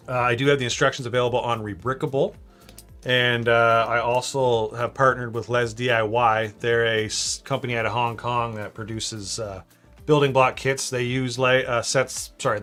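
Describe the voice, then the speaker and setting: A man from southern Ontario, hosting a casual live stream at home, relaxed and rambling as he reads chat messages aloud between fillers. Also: medium pitch. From Canada, southern Ontario. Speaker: live-stream host, LEGO builder.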